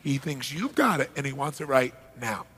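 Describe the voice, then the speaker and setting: A man voicing a calm male sign interpreter who relays words in a quiet, matter-of-fact way, recorded live in a hall. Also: mid-range voice, moderate pace, husky, pitched below the performer's own voice, full character voice. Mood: flat.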